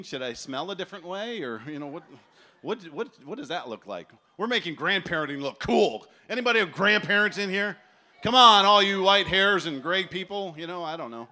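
A man in his forties preaching a sermon at a festival, telling stories with animated acted-out voices. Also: on the high side. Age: 40s. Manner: animated storytelling, acts out voices. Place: large tent festival gathering.

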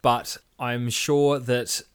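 A man's voice: extremely slow, clear, resonant tone. A man in casual chat, reacting expressively to the events of a game. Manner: expressive reactions with big jumps in pitch.

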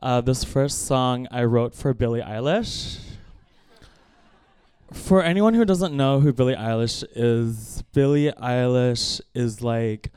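A man's voice: mid-range voice, slow, darkish tone, smooth, no room sound. A man doing a stand-up comedy set, self-deprecating and rambling, with lots of "like" between words. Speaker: comedian and musician.

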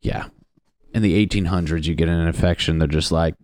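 Deep-voiced profane comedian ranting. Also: male voice, very animated, measured pace, gravelly, a little mellow, no room sound, clean studio sound. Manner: profane, sarcastic, riffs while reading web pages aloud. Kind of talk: casual comedic podcast rant.

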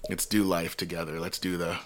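A man's voice: sits low, level tone, a little fast, noisy background. A man co-hosting a podcast, chatting casually and telling stories animatedly, laughing often. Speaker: podcast co-host. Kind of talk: casual chat.

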